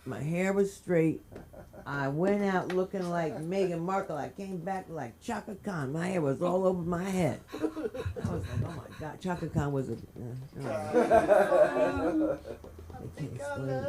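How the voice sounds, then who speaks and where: Low-voiced brassy woman comic. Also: animated, unhurried, crowd noise. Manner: loud, brassy storytelling. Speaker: stand-up comic. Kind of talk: open-mic stand-up set. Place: comedy club stage.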